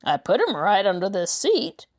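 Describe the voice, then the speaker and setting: A woman's voice: medium pitch, wildly swooping pitch, normal speed, a little mellow. Woman doing a whiny sullen henchman. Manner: sullen and whining. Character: surly complaining male robber henchman. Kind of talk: audiobook character voice.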